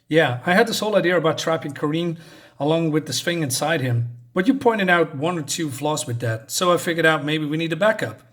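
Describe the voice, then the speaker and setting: A man's voice: fairly high pitch, expressive, brisk, fairly bright tone. A man reading out the lines of a tough, profane woman crew member from a comic, in a voice close to his own. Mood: earnest.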